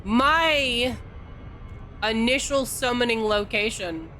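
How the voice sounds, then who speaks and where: A woman's voice: a little high, slow pace, pushed and bright, soft background music. A woman from California streaming a game, chatting casually and teasing her chat in a playful way.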